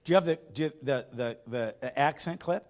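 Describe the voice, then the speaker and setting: A man's voice: mid-range voice, normal speed. A man preaching a sermon as pastor, emphatic, repeating his phrases and putting questions to the congregation.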